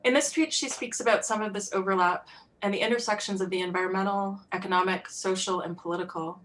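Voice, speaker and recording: A woman's voice: medium pitch, fairly even intonation, fast, fairly bright tone, a little hiss or hum, low-quality recording. A woman giving an artist talk over a video call, casual and chatty with a lot of fillers.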